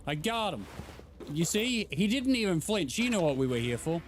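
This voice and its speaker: A man streaming a game playthrough, talking casually in a joking, excitable way. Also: sits high, moderate pace, a little hiss or hum. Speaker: gaming streamer. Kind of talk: casual let's play commentary.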